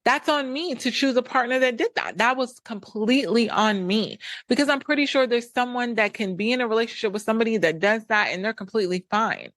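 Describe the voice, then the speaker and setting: A woman's voice: mid-range voice, fairly bright tone, no room sound. Blunt, emphatic woman host, dry sound. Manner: emphatic, blunt, repeats points for weight. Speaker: podcast host and PMDD coach. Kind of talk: direct advice monologue.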